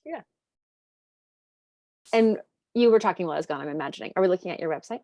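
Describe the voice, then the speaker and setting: A woman mentoring photographers in an online portfolio review, giving lively, emphatic advice over a video call. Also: fairly low pitch, fast talker, no room sound.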